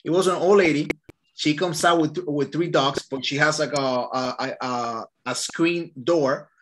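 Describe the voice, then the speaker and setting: Upbeat, bright-voiced man running a training. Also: a little high, measured pace, slight background noise. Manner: lively storytelling, casual and upbeat. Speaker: real estate trainer. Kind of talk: casual online training session.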